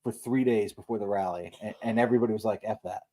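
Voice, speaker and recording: A man's voice: lowish voice, fast talker, mellow. A man co-hosting a casual live stream about motorcycle trips, who answers briefly and laughs easily. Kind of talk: casual chat.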